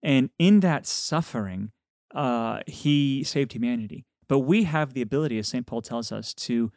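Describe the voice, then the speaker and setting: A man's voice: mid-range voice, moderate pace, darkish tone, dry recording, studio quality. A man co-hosting a podcast who laughs easily, teasing his friends before turning earnest as he explains his faith. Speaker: podcast co-host, priest. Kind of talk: casual chat, explaining faith.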